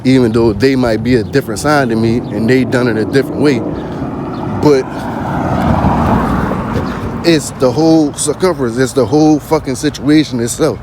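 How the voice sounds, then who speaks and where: A man's voice: medium pitch, normal speed, long pauses, background noise. A man vlogging in a casual spoken monologue, slangy and constantly asking "you hear me".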